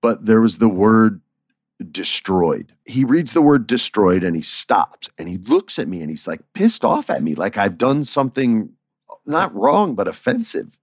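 A man in his forties with a lowish voice tells backstage stories in a loose, laid-back way. He chuckles often and jumps his pitch way up when he acts out other people's lines. The sound is close and dry. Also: very animated, unhurried, no echo. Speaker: former writer telling stories. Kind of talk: casual storytelling chat.

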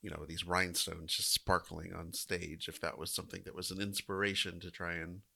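A man's voice: deep voice, level tone, a little fast, creaky, bright, forceful tone. A man co-hosting a podcast, musing in casual chat, hesitant and trailing off. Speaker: podcast co-host.

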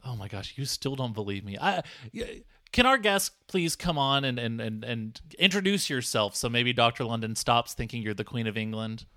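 A man's voice: mid-range voice, big pitch swings, normal speed, sharp tone, no room sound, studio quality. Teasing man co-hosting a comedy podcast. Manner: teasing, mock-exasperated, lots of fillers. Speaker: podcast co-host. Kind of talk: improvised comedy podcast banter.

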